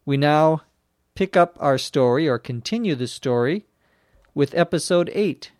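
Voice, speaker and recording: A man narrating a detective story slowly and clearly, as an audiobook for learners. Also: a little high, animated, darkish tone, dry recording, clean studio sound. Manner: slow and clearly spaced.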